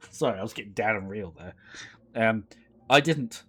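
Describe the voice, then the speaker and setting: A man's voice: lowish voice, a little slow, long pauses, a bit bright, slightly rough. A man casually joking through a video game playthrough, sarcastic and swearing freely. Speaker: gamer playing through a visual novel. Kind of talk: casual let's-play commentary.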